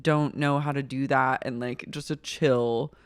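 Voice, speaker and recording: A podcast co-host at middle pitch, riffing on a TV episode with dry, sardonic jokes and frequent swearing. The talk is casual and quick to pile on exaggerated bits. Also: steady tone, smooth, no room sound. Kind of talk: casual recap chat.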